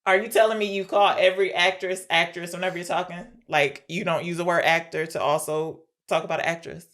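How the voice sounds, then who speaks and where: A woman's voice: on the low side, steady tone, a little fast, a bit bright. A woman co-hosting a podcast, chatting casually about an old film, explaining the segments and arguing playfully. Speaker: podcast co-host. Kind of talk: casual film-review chat.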